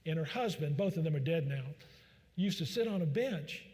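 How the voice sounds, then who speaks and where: A man's voice: a little high, lively intonation, moderate pace, darkish tone. A man, a doctor, giving a joking, folksy public talk full of fillers in a large church hall. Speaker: physician speaker. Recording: long reverb of a large hall.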